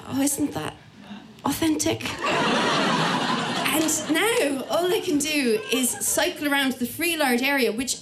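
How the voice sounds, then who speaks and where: An Irish woman telling a comic personal story live, animated and acting out the voices of the people in it. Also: high voice, background noise. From Ireland.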